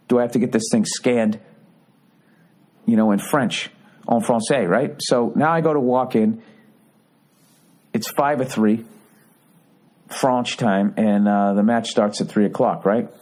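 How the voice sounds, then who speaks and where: A man's voice: fairly low pitch, a little mellow. A man in his forties hosting a podcast, telling a rambling story in a profane, mock-indignant rant. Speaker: podcast host. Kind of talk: casual comedic monologue.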